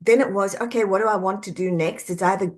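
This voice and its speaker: A middle-aged woman, an executive coach and author, talking as a podcast guest, telling animated stories and acting out quoted voices with easy laughter. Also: mid-range voice, quick pace. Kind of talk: conversational podcast interview.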